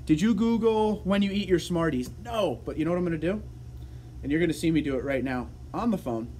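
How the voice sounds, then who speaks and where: A man's voice: a little high, a little hiss or hum. Chatty man hosting a livestream. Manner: chatty, joking, easygoing. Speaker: livestream host. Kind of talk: casual livestream chat, reading viewer comments.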